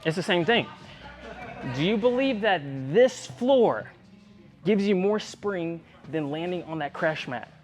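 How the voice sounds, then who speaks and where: A man's voice: sits high, lively intonation, unhurried, faint music behind. A man coaching a young athlete one-on-one in a gym, speaking directly and earnestly, often checking whether she believes him. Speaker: tumbling coach.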